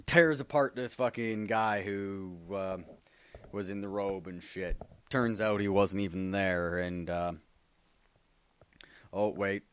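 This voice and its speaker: A man's voice: fairly low pitch, clean tone, no room sound. Man rambling about comics, heavy swearing. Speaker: comic book vlogger. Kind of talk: casual chat.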